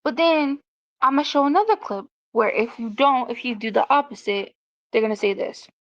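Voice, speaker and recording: A woman's voice: on the high side, animated, moderate pace, a bit bright. A woman from South Carolina, giving opinionated casual commentary as a vlogger. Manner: opinionated, ranting. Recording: dull lo-fi recording.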